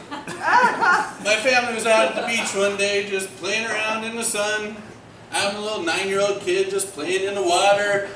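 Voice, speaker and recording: A man performing a stand-up comedy set on a club stage, delivering one-liners and acting out bits in excited voices. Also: sits high. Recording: roomy, distant, noisy club recording.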